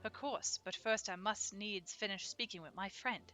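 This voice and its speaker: A woman's voice: medium pitch, normal speed, pushed and bright, close to an everyday voice. A woman voicing a stiff, formal young nobleman in a game, with old-fashioned phrasing. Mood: courteous.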